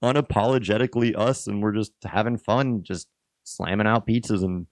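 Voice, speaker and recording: Slangy, animated storyteller man. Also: fairly low pitch, moderate pace, no room sound. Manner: animated, slangy, swears freely, says "bro" often. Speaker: pizza restaurant worker, podcast guest. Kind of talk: casual podcast storytelling.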